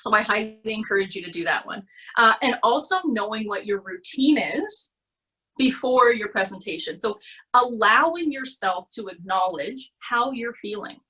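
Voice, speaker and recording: A woman's voice: mid-range voice, animated, normal speed, pushed and bright, husky, low-quality recording. A Canadian woman coaching presentation skills on a video call, talking in an encouraging, conversational way and often checking in with "okay?". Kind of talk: online workshop talk. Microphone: computer mic on a video call.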